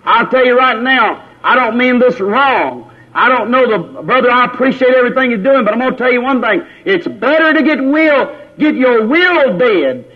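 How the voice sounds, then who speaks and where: A man's voice: very high voice, animated, moderate pace, few pauses. A man preaching a sermon, repeating his points and putting questions to the congregation, calling on brothers by name. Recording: tinny lo-fi phone-like recording.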